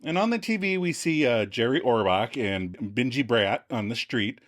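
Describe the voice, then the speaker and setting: A podcast co-host walks through a sitcom recap in casual chat. The voice is mid-pitched and very animated. Jokey asides come up often. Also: moderate pace.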